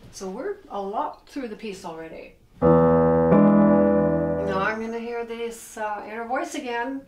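A middle-aged woman teaching piano, explaining with enthusiasm as she plays and counting the beats out loud. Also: a little high, a little slow. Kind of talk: piano lesson. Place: room with a piano. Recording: echoey room, distant mic.

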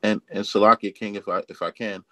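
A man reading Bible verses aloud and adding a short explanation, slow and measured with some hesitant fillers. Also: lowish voice, little pitch movement, a bit bright, no echo, rough recording. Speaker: scripture reader.

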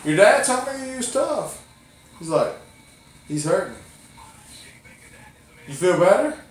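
A man's voice: sits high, big pitch swings, slow. Teasing clown man, echoey and distant. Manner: teasing, coaxing, folksy. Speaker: children's clown and magician. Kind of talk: playful banter with a child, doing magic tricks. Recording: echoey room, mic far off.

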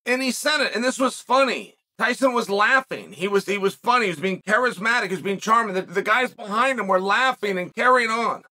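A man's voice: sits high, animated, fairly quick, few pauses, pushed and bright. A middle-aged man hosting a podcast, delivering a reflective commentary monologue full of rhetorical questions and restarts. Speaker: podcast host.

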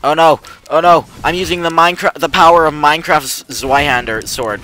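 A man's voice: a little high, moderate pace, pushed and bright. A young man giving goofy, rambling commentary while playing an online game, full of silly jokes. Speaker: gaming youtuber. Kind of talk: casual gameplay commentary.

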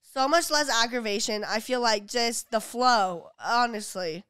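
A woman's voice: fairly high pitch, measured pace, fairly bright tone, clean tone, no echo. A young woman co-hosting a casual podcast chat, rambling with lots of "like" and restarts, blunt and crude. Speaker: podcast co-host.

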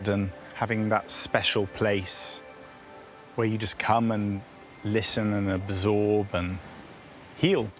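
A man's voice: on the low side, flat delivery, slow pace. A man presenting a travel documentary, narrating and interviewing outdoors in the bush with an encouraging manner. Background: background music.

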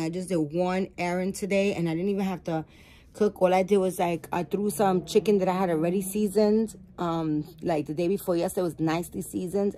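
Woman, middle-aged, fairly low voice, casual home vlog, rambling, self-correcting. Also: dark tone, a little hiss or hum. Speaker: doll-making vlogger. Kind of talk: casual chat to viewers.

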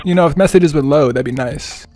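A man's voice: fairly high pitch, fairly quick, a little mellow, faint music behind. A young man giving playful, trolling gameplay commentary, laughing often. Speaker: gaming streamer.

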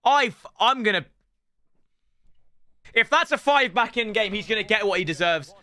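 A man's voice: sits high, animated, moderate pace, pushed and bright, dry recording. A man, commentating his own game on a live stream in an exasperated, ranting way.

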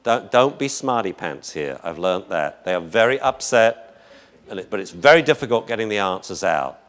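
A man's voice: lowish voice, lively intonation, normal speed, a bit bright. A man giving a live lecture on dog behavior in a chatty, joking, anecdotal way.

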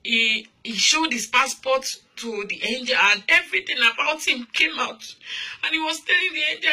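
A woman's voice: sits high, normal speed, pushed and bright, poor audio. A woman recounting a dream of the end times as an earnest, repetitive testimony, pleading with her listeners. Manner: pleading exhortation.

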